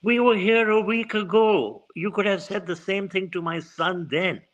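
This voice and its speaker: A man voicing a middle-aged mother who questions a revered elder, raising his voice to a higher pitch as he quotes her within a story. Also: fairly even intonation, moderate pace, a bit bright, highs cut off. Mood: pleading. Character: pleading village mother, woman, middle-aged.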